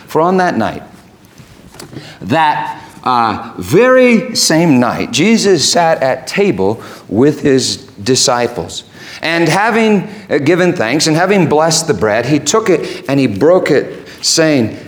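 Male preacher, high voice that leaps all over, shouts then goes hushed, echoey room. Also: very animated, slow. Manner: impassioned, swinging from hushed to shouting. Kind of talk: sermon.

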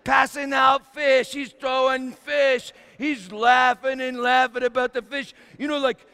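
High-voiced man telling a comic sermon. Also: fairly even intonation, unhurried, smooth. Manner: wry storytelling, shifts from quiet to loud. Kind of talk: comic first-person sermon monologue. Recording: long hall reverb.

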